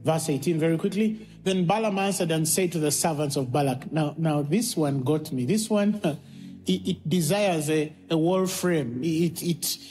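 High-voiced animated preaching man. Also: a little slow, soft background music. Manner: animated preaching, laughing, mimicking tongues. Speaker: pastor. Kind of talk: sermon.

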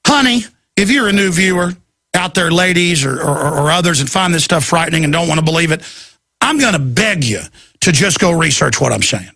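A man hosting a talk show, delivering a rapid, urgent, ranting monologue into a studio microphone. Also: fairly high pitch, animated, creaky, sharp tone, no room sound. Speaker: radio talk show host. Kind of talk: heated monologue.

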